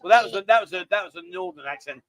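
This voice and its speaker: This middle-aged livestream host has a London accent and a high, fairly bright voice. He talks very fast in casual chat, jokey and rambling throughout.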